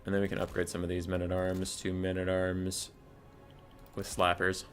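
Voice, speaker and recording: A man streaming a strategy game, giving casual commentary in an excitable way, swearing and talking to himself as he plays. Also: sits low, moderate pace, faint music behind.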